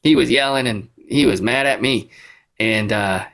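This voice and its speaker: A man co-hosting a casual podcast, rambling through an animated story. His voice has a middle pitch for a man and an easygoing, conversational delivery. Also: moderate pace. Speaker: podcast co-host. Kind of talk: casual chat.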